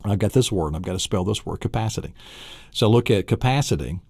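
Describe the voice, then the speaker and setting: A man with a deep, mellow voice leads a spelling lesson, spelling words out letter by letter and breaking them into syllables. He often asks rhetorical questions as he goes. The sound is close and dry. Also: expressive, quick pace, breathy edge, no room sound. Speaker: spelling instructor.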